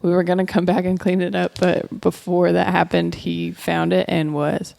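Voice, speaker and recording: A woman's voice: on the low side, flat delivery, normal speed, vocal fry, dark tone, dry recording. A young adult woman co-hosting a casual podcast, telling stories with lots of fillers and some teasing. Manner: filler-heavy, teasing storytelling. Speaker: podcast co-host. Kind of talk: casual chat.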